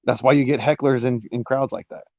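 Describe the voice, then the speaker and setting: A man speaks in a casual live-stream monologue at an ordinary middle pitch, wandering through his point with fillers, restarts and the odd curse. The sound is dry and close, with a slightly dull, lo-fi edge from the mic. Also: fairly even intonation, a little fast, a little mellow, no echo. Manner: rambling, many restarts and fillers, swearing.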